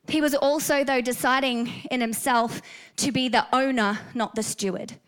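A woman's voice: fairly high pitch, a bit bright, smooth. A woman with an Australian accent preaching a sermon, earnest and storytelling, rising to fervent emphasis.

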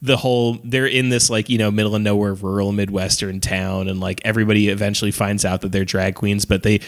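A man's voice: fairly low pitch, level tone, fairly quick. A man on a podcast casually recapping a movie plot, rambling with lots of fillers and laughing as he retells scenes. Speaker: podcast co-host.

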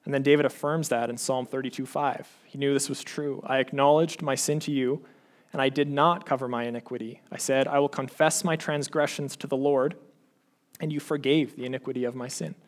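A man's voice: medium pitch, fairly even intonation. Earnest man preaching a sermon. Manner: earnest, pleading questions to the congregation; slows down to read scripture aloud.

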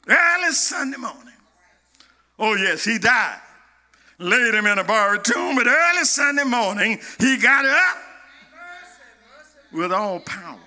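A man a gospel sermon, shouting and half-singing his lines in a call-and-response cadence. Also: sits high. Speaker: preacher.

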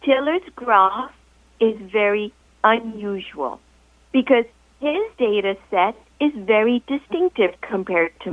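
A guest author with a somewhat high voice phones in to a radio interview and tells her story at a measured, deliberate pace. The line is tinny and thin, and completely dry with no room echo.

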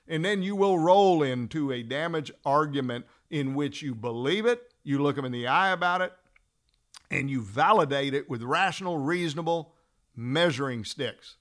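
A man teaching fellow trial lawyers, telling a story and acting out the dialogue, then slowing down to stress his key points. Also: mid-range voice. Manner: acts out dialogue in a lively storytelling way. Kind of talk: storytelling lecture.

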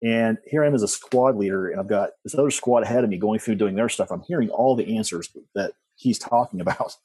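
A man's voice: lowish voice, brisk, mellow, husky, dry recording. A middle-aged man telling personal stories as a guest, rambling with restarts and asides. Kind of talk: personal storytelling in conversation.

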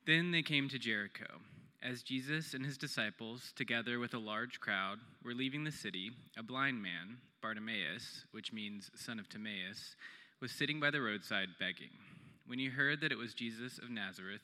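Man reading scripture in a bright, echoing hall. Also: mid-range voice. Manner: measured, plain reading aloud.

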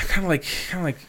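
Laughing, profane young podcast co-host. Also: male voice. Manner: laughing, profane, deadpan jokes. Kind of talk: casual banter.

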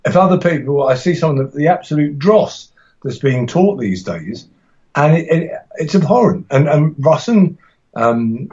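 A man's voice: mid-range voice, a little mellow, highs cut off. A middle-aged man, a martial arts instructor and author, telling stories in a podcast interview with enthusiasm and frequent restarts.

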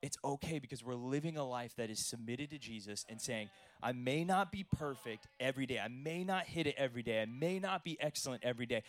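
A man preaching a sermon, telling stories with animated energy and swinging between soft, quiet lines and loud bursts. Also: medium pitch, dry recording, studio quality. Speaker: pastor.

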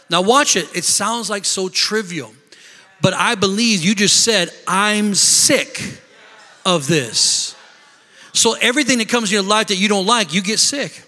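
A male pastor with a high, sharp, piercing voice delivers a sermon. His words ring out with a long reverb, as in a large hall. He preaches with emphatic bursts and mimics the voices of the people he addresses. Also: a little slow.

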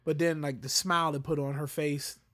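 Casting note: young man, lively storyteller, slightly high voice, casual podcast chat. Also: a little fast. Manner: animated storyteller acting out voices. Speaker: podcast co-host.

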